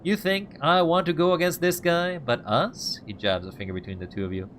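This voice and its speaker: A man's voice: fairly high pitch, brisk, fairly bright tone, a little hiss or hum, voice pushed up, natural voice. A man voicing a jittery, scruffy male ex-bounty hunter, talking sarcastically and pleading, as he reads game dialogue aloud.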